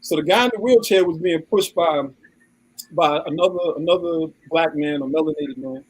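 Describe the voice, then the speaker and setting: Brief: high-voiced husky man, animated storyteller on a casual talk show. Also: normal speed, poor audio. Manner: animated, acts out quoted voices. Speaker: podcast co-host.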